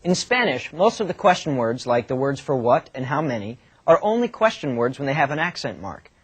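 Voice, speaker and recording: A man reading scripted instructional narration in a lively, explanatory way. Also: medium pitch, fairly quick, husky, soft background music.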